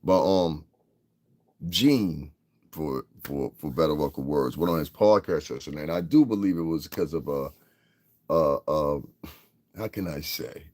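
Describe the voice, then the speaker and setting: A man's voice: a bass voice, measured pace, darkish tone. A man, hosting a podcast and riffing on the news in a profane, rambling, repetitive way. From New York. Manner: profane, rambling, repeats himself. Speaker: podcast host. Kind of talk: casual livestream commentary.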